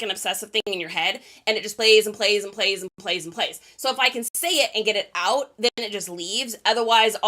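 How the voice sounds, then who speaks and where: A woman's voice: medium pitch, bright, forceful tone. A woman chatting casually on a live stream while packing orders, talkative and often laughing between rambling asides. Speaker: reseller hosting a live stream.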